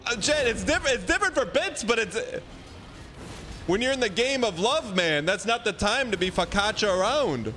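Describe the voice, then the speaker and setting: A man in his thirties with a high voice hosts a livestream in casual chat. He rambles animatedly and protests in a mock-defensive way. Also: very animated, moderate pace, sharp tone, a little hiss or hum. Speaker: livestream host.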